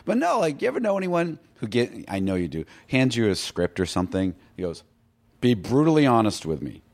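A man's voice: mid-range voice, big pitch swings, brisk. Blunt, profane middle-aged man joking. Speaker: guest musician and filmmaker. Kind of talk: casual podcast chat.

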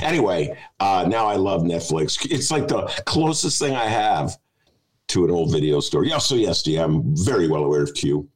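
A man's voice: deep voice, animated, moderate pace, low-quality recording. A man hosting a casual talk show from his apartment, wry, chatty and opinionated. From Chicago. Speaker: podcast host. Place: home apartment.

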